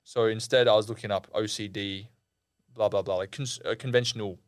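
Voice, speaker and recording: A young man, a podcast guest, telling a story in a casual, animated and slangy way, full of "like" and "bro". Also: on the low side, a little fast, no room sound, studio quality. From Australia.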